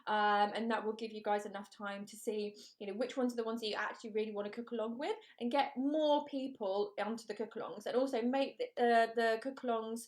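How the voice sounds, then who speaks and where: A woman's voice: on the high side, steady tone, brisk, few pauses. Chatty upbeat woman hosting a cook-along. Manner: chatty, upbeat, reads out viewer comments. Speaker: cooking show host. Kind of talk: live cook-along chat.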